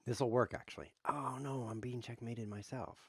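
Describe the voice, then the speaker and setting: A man streaming online chess, talking in a playful, rambling way with deadpan jokes as he plays. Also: mid-range voice, normal speed, husky, no room sound, clean studio sound. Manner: jokey, rambling deadpan asides. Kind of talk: playful live commentary while playing.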